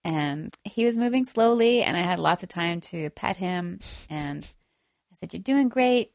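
A woman chatting casually and telling stories, giggly and animated. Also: fairly low pitch, a little slow, no room sound, clean studio sound. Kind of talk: casual chat.

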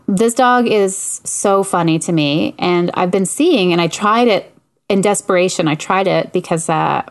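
A woman in casual podcast chat, telling stories and putting on playful voices for her dog. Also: on the low side.

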